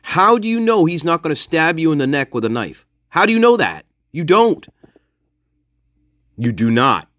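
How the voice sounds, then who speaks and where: A man's voice: on the high side, sing-song, normal speed, a bit bright, no echo. A man giving angry, profane commentary on a case, mocking others with sarcasm and repeating himself for emphasis. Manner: sarcastic, mocks others in put-on voices. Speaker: true-crime commentator.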